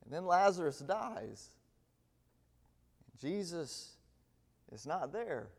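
A man giving a sermon as a guest speaker, swinging between loud pleading and hushed, near-whispered lines. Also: a little high, sing-song, slow. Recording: long hall reverb.

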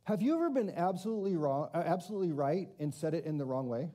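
A man's voice: fairly high pitch, animated, quick pace, dark tone. A man preaching a conversational sermon to his congregation, self-deprecating and often asking them questions. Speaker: pastor.

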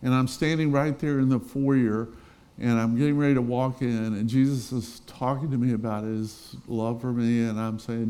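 Storytelling pastor preaching a sermon. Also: male voice, medium pitch, normal speed. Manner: storytelling, animated swings between loud emphasis and quiet intensity.

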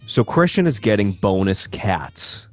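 A man's voice: on the low side, very animated, unhurried, faint music behind. A man co-hosting a podcast, teasing his co-host in casual chat. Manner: teasing, playful interviewer.

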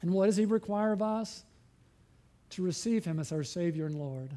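High-pitched guy preaching, mellow tone, earnest and pleading, keeps asking the crowd questions. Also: lively intonation, moderate pace. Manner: earnest, pleading, rising to fervent appeals; asks the listeners questions. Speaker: pastor. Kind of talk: sermon.

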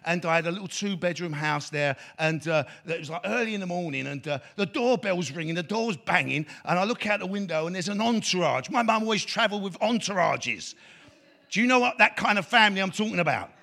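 A man's voice: high voice, expressive, fairly quick, vocal fry, sharp tone. A middle-aged man giving his testimony as an evangelist, emphatic and preacherly. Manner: emphatic, preacherly, rising to exclamations. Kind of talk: spoken testimony.

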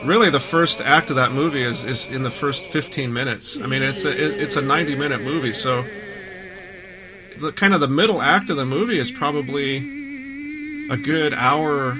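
A man's voice: medium pitch, normal speed, rough recording. Man musing over a film, with music. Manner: thoughtful, repeats words while finding thoughts. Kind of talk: casual film discussion.

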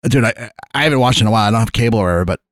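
A man's voice: lowish voice, rapid-fire, no room sound. A man on a casual podcast, joking with friends, swearing freely and laughing often. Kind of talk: casual chat.

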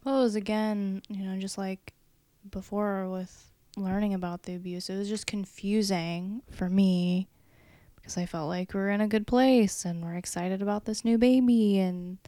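A woman speaking candidly in conversation, measured and thoughtful, with occasional fillers. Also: medium pitch, steady tone, warm tone, no echo. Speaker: co-host, the speaker's wife.

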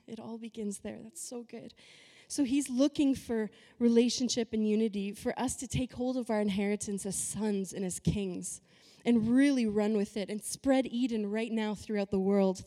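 A woman's voice: a little high, mellow, long reverb tail. A woman pastor giving a conversational, emphatic sermon full of rhetorical questions.

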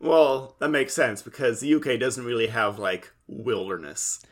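A man co-hosting a podcast, trading quick, wry jokes in casual chat. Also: mid-range voice. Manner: wry, joking, quick asides. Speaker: podcast co-host.

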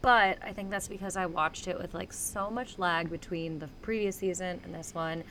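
A woman with a slightly low voice rambles through stories as a podcast co-host, hedging as she goes. A faint hiss and room ambience sit under her voice. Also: steady tone, normal speed, a bit bright. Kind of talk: casual chat.

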